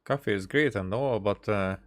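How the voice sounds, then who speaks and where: A Hungarian let's-play gamer, whose first language is Hungarian, commentates casually over a video game. His voice is on the low side at a normal speed, and he is chatty and rambling, full of fillers and restarts.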